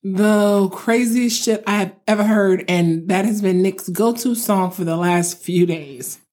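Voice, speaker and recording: A woman's voice: mid-range voice, unhurried, a little mellow. A woman co-hosting a podcast, chatting casually and teasing her co-host. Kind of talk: casual chat.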